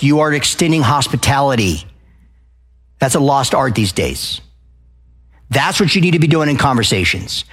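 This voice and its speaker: A man from Arizona speaking at a live event, lecturing an audience in a loud, passionate way and often checking in with "okay?" and questions. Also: mid-range voice. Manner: addresses the crowd with frequent "okay?" and questions.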